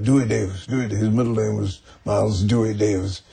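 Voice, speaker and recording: A man's voice: lowish voice, steady tone, fairly quick, vocal fry, dark tone, slightly rough. An older man telling stories in an interview, rambling and chuckling as he goes. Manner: rambling, chuckling, restarts often. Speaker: interview guest. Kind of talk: storytelling in an archive interview.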